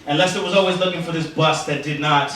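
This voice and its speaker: A man's voice: a little high, steady tone, fast. A man from Brooklyn with a New York accent doing loose, profane stand-up comedy. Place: comedy club stage. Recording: echoey club, distant mic, noisy.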